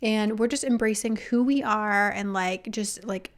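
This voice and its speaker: A young woman co-hosting a casual podcast chat, gushing and excited, who often drops to a whisper for emphasis. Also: medium pitch, a little slow. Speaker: podcast co-host.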